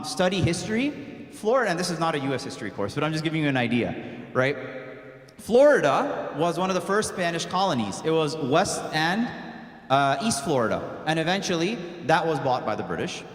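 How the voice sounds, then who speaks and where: High-voiced imam quizzing a crowd. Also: male voice. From United States. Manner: interactive, quizzes the crowd with quick questions; casual, slangy asides. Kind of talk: lecture to a live audience. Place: large hall at an Islamic center. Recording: echoey hall, long reverb.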